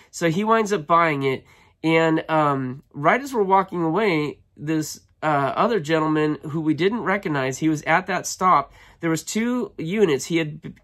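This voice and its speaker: A man with a slightly high, fairly bright voice vlogs casually, rambling through a long story full of ums and restarts. Afterward he tours a storage unit he bought, as he's a storage locker buyer and vlogger.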